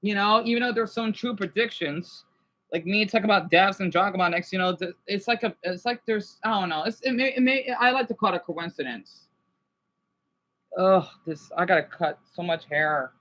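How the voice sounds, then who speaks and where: A man on a casual livestream, talking to his chat in a halting, rambling, sympathetic way with many restarts. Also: high-pitched, sharp tone, low-quality recording. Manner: sympathetic and emotional.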